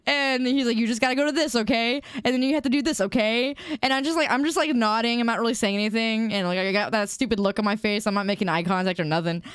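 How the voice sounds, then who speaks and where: A woman's voice: fairly high pitch, quick pace, hardly any pauses, clean tone, no room sound, studio quality. A young woman streamer chatting casually with her viewers, telling a story in a giggly, self-deprecating way.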